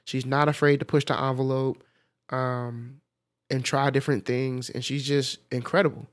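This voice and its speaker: A man co-hosting a podcast in casual chat, animated, often laughing, with many fillers. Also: medium pitch, moderate pace. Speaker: podcast co-host.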